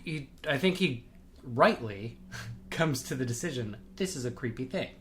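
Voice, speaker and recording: Podcast cohost recapping a show, kinda hesitant, thinks out loud. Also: medium pitch, lively intonation, normal speed, slight background noise. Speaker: podcast co-host. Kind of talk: casual chat recapping a TV show.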